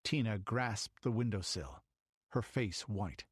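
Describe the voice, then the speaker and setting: A man's voice: on the low side, a little slow, breathy edge, dry recording, studio quality. A man reading an audiobook in dramatic storytelling narration. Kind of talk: scripted narration.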